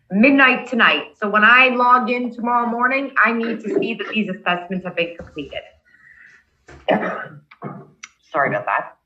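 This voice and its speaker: A woman's voice: a little high, lively intonation, normal speed, pauses often, highs cut off. A woman instructor walking a class through steps over a video call, patient and checking in with "okay?" as she goes. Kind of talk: online class walkthrough.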